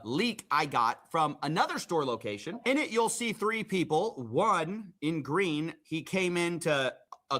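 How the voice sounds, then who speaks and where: A man with a slightly high voice talks through a video on his live stream. His delivery is chatty and relaxed, with frequent restarts as he explains what is happening in the clip. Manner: casual, chatty, halting restarts. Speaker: streamer host.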